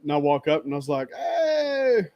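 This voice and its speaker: A man's voice: a little high, completely flat delivery, racing, no echo, lo-fi sound. A man hosting a casual livestream chat, telling a rambling story, laughing often and acting out the greetings he traded. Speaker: livestream host. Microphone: webcam stream setup.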